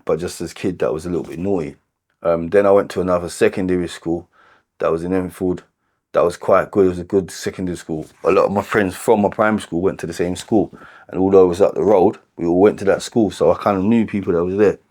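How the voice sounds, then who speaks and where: A man with a London accent telling his own life story in a candid, halting way, often repeating words and using "like" as filler. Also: sits low. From London, England.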